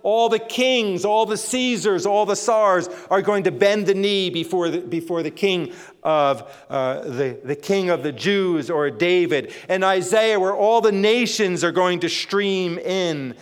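A man's voice: high-pitched, measured pace, smooth. A male pastor preaching a sermon to his congregation, emphatic, repeating phrases and often restarting his sentences. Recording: long hall reverb.

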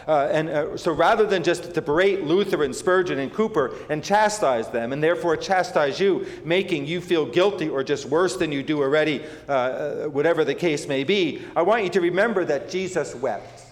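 A male preacher delivers a sermon in a fairly high voice, leaning on repetition and stopping to restart his phrases. The sound rings with a long, roomy reverb, as if he is recorded in a large church sanctuary. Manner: repetitive, emphatic, with frequent fillers and restarts. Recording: echoey hall with long reverb.

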